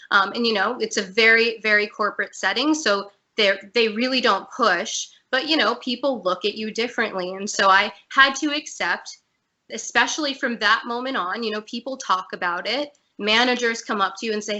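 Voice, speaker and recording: A woman's voice: a little high, moderate pace, bright, forceful tone, muffled recording. A woman guest on a video-call interview, telling a personal story in a candid, earnest way. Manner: earnest, candid, emotional at times.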